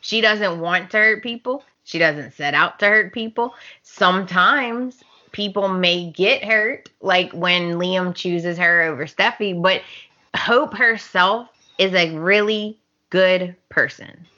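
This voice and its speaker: A woman, co-hosting a podcast and recapping a soap opera in casual, animated chat, acting out characters' lines. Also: lowish voice, slow. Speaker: podcast co-host. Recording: slightly dull lo-fi podcast audio.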